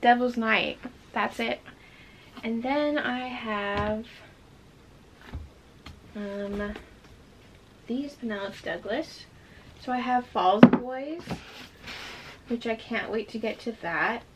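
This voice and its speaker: A woman's voice: a little high, slow pace, pauses often, slight background noise. A woman chatting casually and enthusiastically about her books as she sorts a shelf, easily sidetracked. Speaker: book vlogger. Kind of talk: casual chat. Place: bedroom with a running fan.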